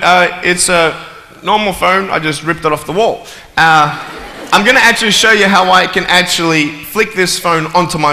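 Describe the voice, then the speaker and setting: A man's voice: sits high, bright, forceful tone. A young man giving a live motivational talk to an audience, joking playfully and then turning earnest and searching. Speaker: motivational speaker.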